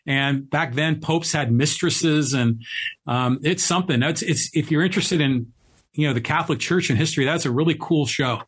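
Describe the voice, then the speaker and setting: A man with a fairly high voice talks casually. He explains things with plenty of fillers and hesitations. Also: normal speed, breathy edge. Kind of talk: casual chat.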